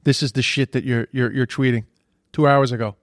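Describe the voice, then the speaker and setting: A man's voice: mid-range voice, steady tone, a little fast, no room sound, clean studio sound. A man ranting about social media posts in a heated, profane way, repeating himself as he gets worked up. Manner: indignant, sweary, repeats himself when heated. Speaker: commentator reacting to posts.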